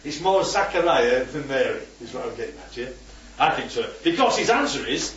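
A man's voice: medium pitch, very animated, a little fast, a bit bright, slight background noise. A man leading a small-group Bible study, asking the group questions and checking in with "right?" and "yeah?". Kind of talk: teaching a group discussion. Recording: roomy, distant, dull-sounding recording.

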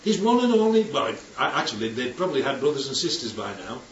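A very animated man speaking at a quick pace in a medium pitch gives an informal Bible teaching, often putting questions to the group and confirming they understand. The recording sounds distant, dull and roomy, with a faint background noise.

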